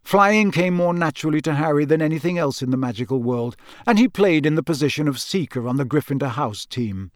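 A man reading audiobook narration in an even, measured way. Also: a little high, no echo, studio quality. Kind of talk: scripted narration.

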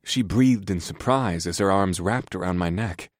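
A man narrating a story in the first person in a calm, steady, soft-spoken way. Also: sits low, normal speed, no echo, studio quality.

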